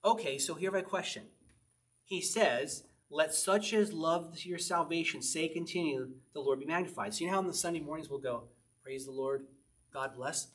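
A pastor leads an evening Bible study, reading psalms aloud and explaining them in a loose, chatty style while laughing often. His voice is on the high side, a bit bright, and a little fast. It's informal Bible study teaching.

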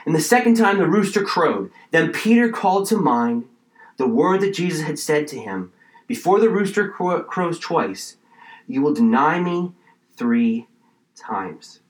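A man preaches with emphasis, stretching key words and repeating them. His voice sits a little high. The room around him is echoey. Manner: emphatic preaching with dramatic pauses and repetition. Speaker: pastor. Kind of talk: sermon.

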